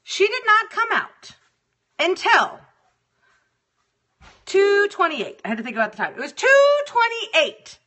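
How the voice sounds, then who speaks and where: Bright-voiced profane woman host. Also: very high voice, a little slow, long pauses. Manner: profane, exasperated, animated. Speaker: radio show host. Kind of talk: casual storytelling monologue.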